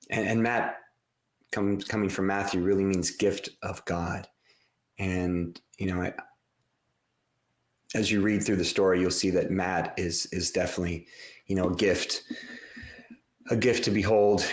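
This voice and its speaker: A man's voice: low voice, level tone, normal speed, pauses often, echoey room. A man hosting his podcast, talking about his book in a loose, rambling way full of fillers and restarts. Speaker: podcast host and author. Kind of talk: casual podcast talk.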